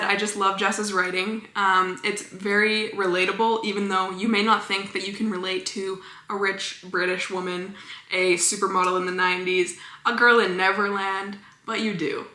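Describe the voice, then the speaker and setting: A chatty woman vlogging about books, her voice bright and a little sharp as she gushes about favorites. Her words bounce around an echoey room, with fast enthusiastic asides. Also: mid-range voice, steady tone. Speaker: book vlogger. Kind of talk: casual book review chat.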